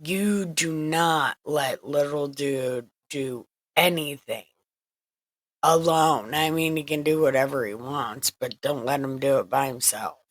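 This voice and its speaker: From a makeshift home setup with no room sound, a woman hosts irreverent, casual retellings of Bible stories, full of swearing and wisecracks. Her voice sits low and she speaks at a slow pace.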